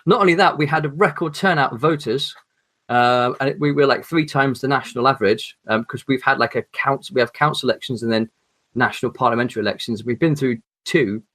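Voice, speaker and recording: English male guest, articulate but halting, mid pitch. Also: fairly bright tone. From England. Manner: articulate, hesitant with many ums and restarts. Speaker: podcast guest, horror author. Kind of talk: casual chat.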